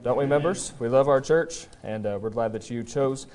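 A man preaching a sermon as pastor in a church service, in a folksy, conversational way with frequent "uh" pauses. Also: mid-range voice, darkish tone. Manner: tells a joke story then presses the point earnestly.

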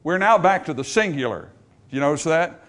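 A man preaching a sermon to a congregation, dropping to a hush for scripture and rising to loud emphasis. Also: fairly high pitch, animated. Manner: swings from hushed, drawn-out scripture quotes to loud, emphatic preaching. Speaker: pastor. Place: church in front of a congregation.

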